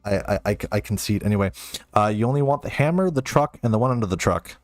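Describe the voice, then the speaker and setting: A man's voice: fairly low pitch, animated, fast talker, dry recording, faint music behind. A man streaming a game live and reading chat, flustered, self-mocking and rambling.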